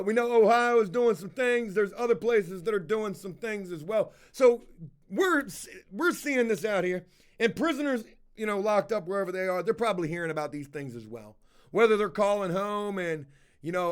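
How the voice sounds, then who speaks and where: A man's voice: high-pitched, smooth. A man streaming casual commentary, reading chat aloud, rambling and swearing freely. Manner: rambling, swears a lot, slips into put-on voices.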